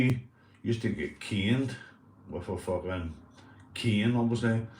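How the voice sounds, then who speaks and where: A man's voice: on the low side, darkish tone, reverberant, far from the mic, poor audio. A Northern Irish man telling stories on his livestream, swearing often and asking "right?" after almost every line. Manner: swears a lot, repeats "right?" and "mate". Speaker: livestream host. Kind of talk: casual livestream storytelling.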